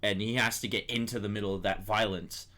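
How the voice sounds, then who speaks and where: A young man hosts a casual podcast chat, rambling through long stories with hesitant restarts. His voice sits a bit low but sounds bright. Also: fairly even intonation, fairly quick. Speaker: podcast host.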